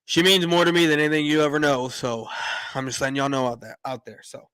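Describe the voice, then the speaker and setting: Fast and fairly high-pitched, the man's voice stays level, clear, resonant and fairly bright. Hosting a laid-back livestream, he greets chat viewers in a rambling way full of fillers and false starts, his emotion showing openly as he chokes up a little. There's no room sound, just clean studio audio.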